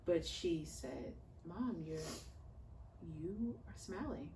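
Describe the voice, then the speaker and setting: Guesting on a relaxed interview podcast, a mother in her thirties talks with heartfelt sincerity and a sermon-like lilt. Her mid-range voice is mellow and expressive, a little slow with long pauses, captured off-mic in an echoey room with faint background noise.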